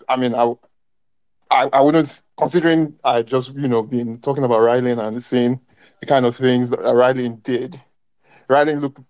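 A man speaks in a casual online panel, giving a blunt, exasperated critique, often restarting his sentences. His voice is dark and mellow. The sound is dry and close. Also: mid-range voice, dry recording. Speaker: film club panelist.

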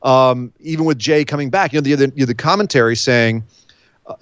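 A man co-hosting a casual talk show, recapping events in an animated storytelling way. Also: medium pitch, fairly quick, no room sound, muffled recording. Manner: animated storytelling, acts out quotes. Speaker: podcast co-host. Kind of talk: casual wrestling recap chat.

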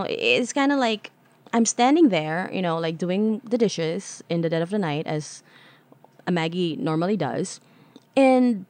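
A woman hosting a casual solo podcast, bubbly and rambling, chatting warmly to her listeners and asking herself their questions. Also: on the low side, no room sound. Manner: bubbly, rambling, talks to listeners as "beautiful creatures". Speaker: podcast host.

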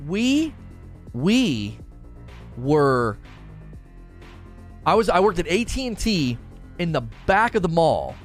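A man's voice: a little high, sing-song, takes it slowly, pauses often. A middle-aged man streaming, chatting casually and joking, repeating his phrases, with faint music behind. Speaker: gaming streamer. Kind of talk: casual livestream chat.

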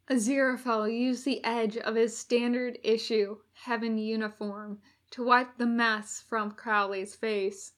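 A woman reading fan fiction aloud in a measured, unhurried way. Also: on the high side, little pitch movement. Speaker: podfic reader.

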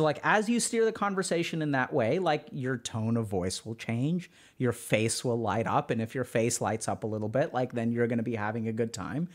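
A man giving a casual spoken lecture to his live chat, loose and conversational with lots of filler words. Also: medium pitch. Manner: loose and conversational, heavy use of "like". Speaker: streamer teaching social skills.

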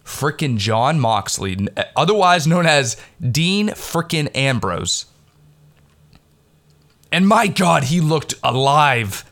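Excited rambling man with a bright voice. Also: on the high side, slow pace, gravelly. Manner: excited, rambling, swears freely. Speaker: wrestling fan recapping a pay-per-view. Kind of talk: casual recap commentary. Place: home recording in the Pittsburgh area. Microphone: headset mic with headphones.

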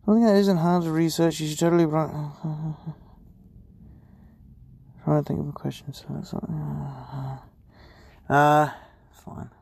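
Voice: mid-range voice, steady tone, a little slow, creaky, long pauses, a little mellow, slightly rough, no echo. A podcast host chatting casually and swearing freely while taking requests from listeners. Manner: profane, self-mocking.

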